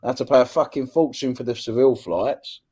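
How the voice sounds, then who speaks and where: A man's voice: medium pitch, fast talker, darkish tone, breathy edge. A young man, a guest chatting casually in an interview, stumbling over repeated words and swearing freely.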